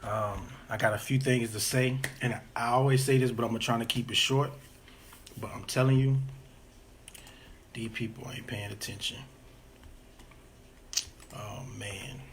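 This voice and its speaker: A man's voice: mid-range voice, fairly even intonation, measured pace, pauses often, noisy background. A man hosting a casual live stream from home, urgently pleading with viewers to stay and greeting them by name.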